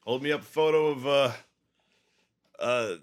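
A man's voice: mid-range voice, smooth. A man co-hosting a casual podcast, wry and profane, often restarting his sentences. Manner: swearing, wry, halting restarts. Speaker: podcast co-host.

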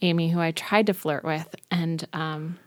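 A woman hosting a podcast, chatting casually and asking quick curious questions. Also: low-pitched, steady tone, dry recording. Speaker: podcast host. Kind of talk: casual chat.

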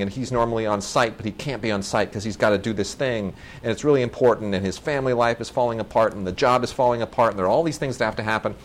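A man co-hosting a casual movie review chat, enthusiastic and rambling, often restarting and correcting himself mid-sentence. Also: mid-range voice. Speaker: film review co-host.

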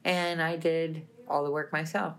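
Low-voiced woman telling a wild story. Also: a little slow. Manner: animated, laughing, plainspoken retelling. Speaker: talk show guest. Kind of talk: lively storytelling with quoted dialogue.

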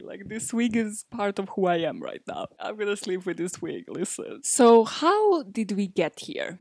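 A woman's voice: fairly low pitch, darkish tone, no echo. Chatty young woman podcast host, dry sound. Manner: chatty, heavy use of "like" and "literally". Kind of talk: casual storytelling commentary.

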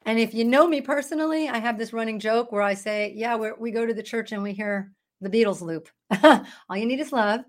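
A woman hosting an online Bible study, preaching in a chatty, emphatic way into her phone. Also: medium pitch. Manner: chatty and emphatic, breaks into laughs and mock voices. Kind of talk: casual preaching to camera.

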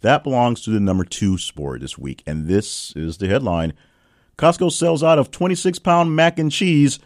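A man's voice: moderate pace, no echo, studio quality. A man hosting a weekly news roundup, reading headlines and quotes with wry asides in a casual way. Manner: reads headlines with wry asides and lively swings in pitch. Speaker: news show host.

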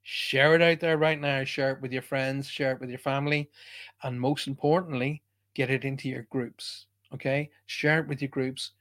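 A man's voice: medium pitch, fairly even intonation, moderate pace, a bit bright. An Irish man hosting a live online show, chatting casually and greeting viewers by name. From Ireland. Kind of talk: casual live-stream chat.

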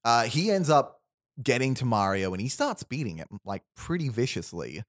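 A podcast host with a medium-pitched, sing-song voice pitches a film idea through a long, casual story. He rambles, restarts, laughs often and throws in quick asides, and the recording is dry with clean studio sound.

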